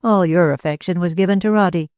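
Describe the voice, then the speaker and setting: A woman's voice: on the low side, quick pace, darkish tone, no room sound, clean studio sound, lightly acted. A woman doing a hurt, vehement young woman. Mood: reproachful. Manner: vehement, pleading.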